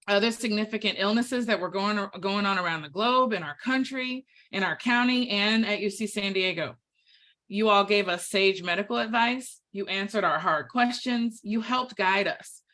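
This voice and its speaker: Woman host, middle pitch, chatty and sincere, video-call sound. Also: a bit bright. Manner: heartfelt, chatty, many fillers. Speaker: staff town hall presenter. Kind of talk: virtual staff town hall remarks.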